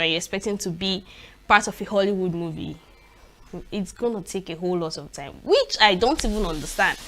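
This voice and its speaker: A Nigerian woman in her twenties or thirties hosts a live newspaper review on TV. She speaks at a mid pitch in an animated, expressive manner. She laughs often and restarts her sentences as she goes. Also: a little fast. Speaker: TV presenter.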